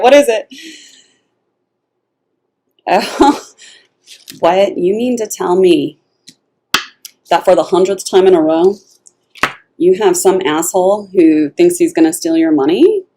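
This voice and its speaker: A woman giving a casual tarot reading, animated and blunt, swearing freely and laughing often. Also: on the low side, noisy background. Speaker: tarot reader.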